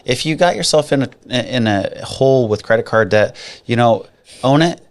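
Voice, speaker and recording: A man co-hosting a casual podcast about mortgages, talking in an animated way with jokey asides and emphatic repeats. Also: mid-range voice, normal speed. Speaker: podcast co-host, mortgage adviser. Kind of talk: casual chat.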